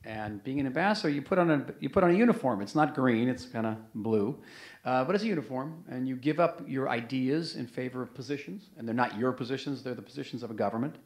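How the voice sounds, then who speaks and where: A former ambassador talking in an onstage interview, animated and emphatic, often restarting his sentences. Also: mid-range voice, fast talker. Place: museum event hall. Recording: roomy event hall sound.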